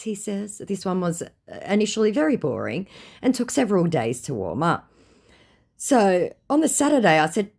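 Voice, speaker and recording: A woman's voice: lowish voice, measured pace. An Australian woman narrating scam-baiting chats in a casual, dry, sarcastic way. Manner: dry, sarcastic, deadpan asides.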